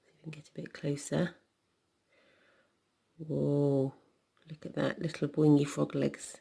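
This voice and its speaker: A woman teaches small children to write a sentence. She speaks slowly in a sing-song, encouraging way, stretching out each letter sound as she goes. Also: deep voice, little pitch movement, gravelly, dark tone, husky. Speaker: primary school teacher.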